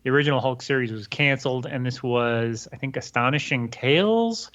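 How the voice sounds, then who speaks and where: A man's voice: mid-range voice, brisk, fairly bright tone, dull audio. A man co-hosting a podcast in casual chat, wry and dry in delivery. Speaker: podcast co-host.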